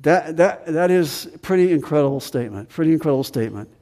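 A man preaching a sermon with earnest emphasis, slowing down on key phrases and rising in pitch when stressing a point. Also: animated, warm tone. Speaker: pastor. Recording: long hall reverb.

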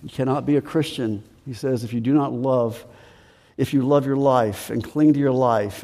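A man preaching a sermon, deliberate and emphatic, repeating key phrases and slowing down to stress them. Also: medium pitch, dark tone, in a large hall. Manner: deliberate preaching with slow emphatic stretches and repetition. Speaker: pastor.

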